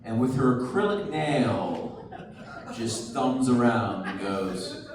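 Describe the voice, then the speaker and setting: Lively man doing stand-up. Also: mid-range voice, takes it slowly, background noise. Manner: animated storytelling, acting out the people in his story. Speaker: stand-up comedian. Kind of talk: stand-up comedy set. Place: comedy club stage with a live audience. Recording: roomy club sound, mic heard from a distance.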